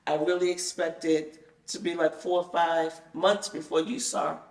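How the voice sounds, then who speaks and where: A woman telling her own story in a casual chat, animated and acting out the conversations she retells. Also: sits low, a little slow. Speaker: guest telling her experience. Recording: roomy sound, mic at a distance.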